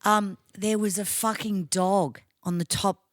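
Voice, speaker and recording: An Australian woman co-hosting a podcast, telling a story in casual, profane, animated chat. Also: mid-range voice, measured pace, dry recording, studio quality. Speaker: podcast co-host.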